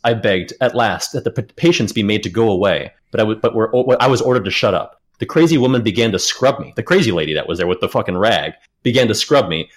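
A man hosting a casual podcast, retelling a story, reading passages aloud and swearing casually. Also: on the low side. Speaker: podcast host.

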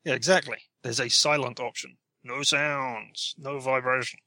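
A man's voice: mid-range voice, fairly even intonation, bright, forceful tone, dry recording. A man narrating a tabletop role-playing game as game master, chatty and often correcting himself mid-sentence. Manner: chatty, self-correcting, quick to laugh.

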